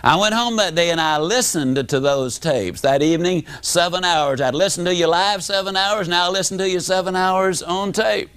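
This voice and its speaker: A man's voice: moderate pace, hardly any pauses, a bit bright, clear, resonant tone. A man giving a motivational speech, telling a story in a folksy, dramatic way. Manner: folksy, dramatic, wide pitch swings. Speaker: motivational speaker.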